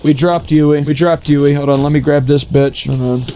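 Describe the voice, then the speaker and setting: A man streaming a game in casual commentary, excitable and joking, with lots of swearing and bursts of shouting. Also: on the high side, normal speed, a little hiss or hum.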